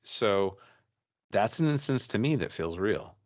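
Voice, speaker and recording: A man's voice: fairly low pitch, animated, a little slow, no echo, highs cut off. A man co-hosting a podcast, chatting casually and telling a ghost story, profane and rambling with many restarts. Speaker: podcast co-host.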